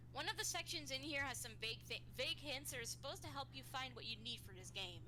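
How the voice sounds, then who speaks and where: A woman's voice: high voice, background noise. A woman reading a comic aloud on a stream, acting out the dialogue and often stumbling over words. Her throat is bothering her. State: throat irritated, clears it often. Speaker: reader voicing comic characters. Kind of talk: casual read-aloud with a friend, acting out dialogue.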